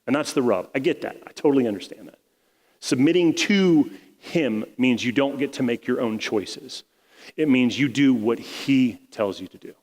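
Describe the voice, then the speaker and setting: A man's voice: mid-range voice, normal speed, darkish tone, long reverb tail. A male pastor preaching a sermon in a casual, conversational way, retelling scripture in everyday slang.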